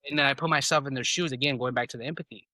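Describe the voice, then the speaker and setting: A man's voice: mid-range voice, fairly even intonation, very fast, pushed and bright, no room sound. A man, a podcast guest, telling a personal story in casual talk, reenacting conversations and often saying bro. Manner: casual, reenacts dialogue, says bro a lot.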